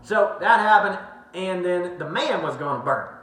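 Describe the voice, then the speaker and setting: A young man tells his story in a loose, rambling way, swearing constantly and now and then sliding into a put-on accent. His voice sits high and sounds bright. The room around him is echoey. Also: lively intonation, moderate pace. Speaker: vlogger. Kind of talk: casual storytelling recap.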